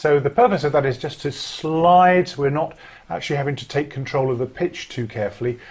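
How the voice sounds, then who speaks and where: A man coaching singers through a vocal warm-up, giving clear instructions and demonstrating breaths and lip trills. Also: on the high side, a little fast. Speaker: choir director. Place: home during lockdown.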